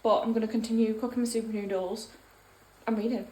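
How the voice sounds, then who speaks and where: A woman's voice: medium pitch, sing-song, moderate pace. A young woman chatting casually in a vlog, frank and ranting, swearing freely. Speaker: book vlogger.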